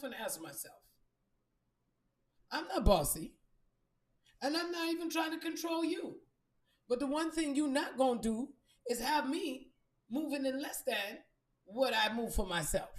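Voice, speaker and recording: A woman with a high voice tells her story bluntly and emphatically, cursing freely. She sounds like a podcast host talking off the cuff. The recording has a noticeably echoey room around her. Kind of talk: candid storytelling monologue.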